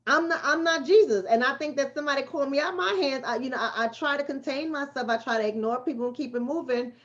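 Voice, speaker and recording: She's a livestream host and relationship coach from the Bronx, with a high, fairly bright voice and a quick pace. Answering chat casually, she stays blunt and streetwise and repeats points to drive them in, on audio missing its highs.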